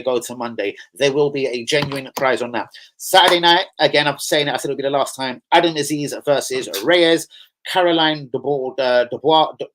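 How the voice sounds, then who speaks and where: A man's voice: fairly high pitch, a bit bright. A man hosting a casual football live stream, rambling and slangy as he answers viewer comments. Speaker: football channel host.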